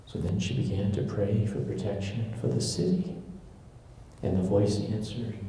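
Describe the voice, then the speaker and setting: A man's voice: fairly low pitch, lively intonation, moderate pace, warm tone. A man giving a live storytelling lecture to a local audience, retelling stories and acting out the quoted voices. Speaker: lecturer on church history. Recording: very echoey room, faint noise.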